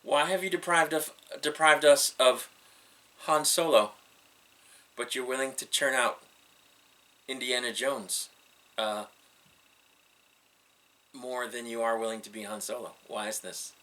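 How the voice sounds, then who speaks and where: A man's voice: medium pitch, steady tone, unhurried, pauses often, bright, forceful tone. A middle-aged man giving casual, rambling solo commentary on entertainment news, wry and skeptical, with frequent ums and uhs.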